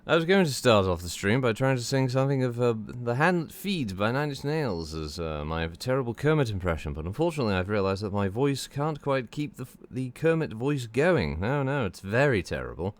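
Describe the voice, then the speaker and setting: A man's voice: medium pitch, sing-song, a little fast, hardly any pauses, no room sound. A young man streaming a game, rambling and chatting casually, repeating "yes" and "good" a lot with dry, self-mocking humour. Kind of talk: casual gameplay stream commentary.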